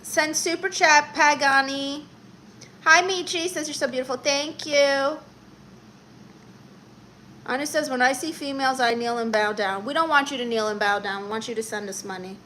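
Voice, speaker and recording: A woman's voice: high voice, normal speed, pushed and bright, a little hiss or hum. A woman from Florida hosting a casual live stream, chatting playfully and reading viewer comments aloud. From Orlando, Florida.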